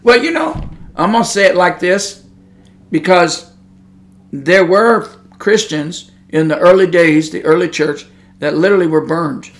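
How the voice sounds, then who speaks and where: A man's voice: sits high, lively intonation, a little slow, fairly bright tone. A man preaching an informal podcast sermon into a microphone, folksy and emphatic, swelling to fervent intensity. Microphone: studio microphone.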